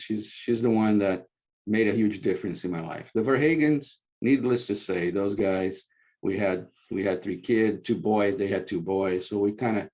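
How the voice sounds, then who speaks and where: Animated man telling ward stories. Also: on the low side. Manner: animated storyteller, acts out quotes loudly. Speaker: former bishop sharing ward memories. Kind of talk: informal reminiscing talk. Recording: muffled lo-fi recording.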